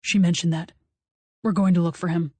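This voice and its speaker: A woman narrator voicing a calm, cool-voiced male firefighter who talks in a brisk, matter-of-fact way in an audiobook. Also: high-pitched, husky, no echo, studio quality.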